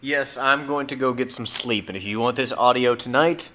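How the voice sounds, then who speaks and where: A man's voice: mid-range voice, moderate pace, pushed and bright. A man co-hosting a podcast, talking in a dry, teasing way. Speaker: podcast co-host. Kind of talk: casual chat. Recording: dull lo-fi sound.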